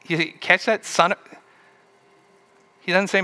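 A man's voice: high-pitched, fairly even intonation, takes it slowly, long pauses, pushed and bright. A man preaching a sermon, retelling a story and asking the listeners questions along the way. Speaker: pastor.

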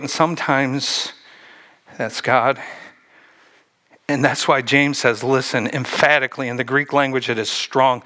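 Bright-voiced animated male preacher. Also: medium pitch. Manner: animated preaching, acting out Bible scenes, dropping to a hush for emphasis. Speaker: pastor. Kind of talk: sermon.

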